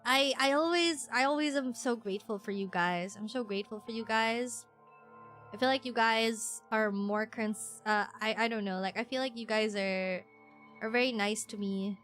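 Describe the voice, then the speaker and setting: Bright, rambling young woman streamer. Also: on the high side, moderate pace, soft background music. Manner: rambling and self-deprecating, with frequent restarts and giggles. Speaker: VTuber streamer. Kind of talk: casual chat while streaming a game.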